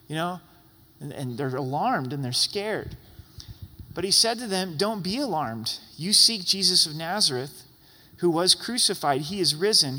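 A middle-aged man preaching a sermon as a pastor, earnest and sometimes breaking into sudden loud exclamations. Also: on the high side. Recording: long hall reverb.

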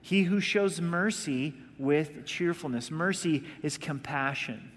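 A man's voice: a little high, slow pace. A male pastor preaching a sermon in a casual, conversational way, acting out little asides. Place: church sanctuary. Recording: long reverb of a large hall.

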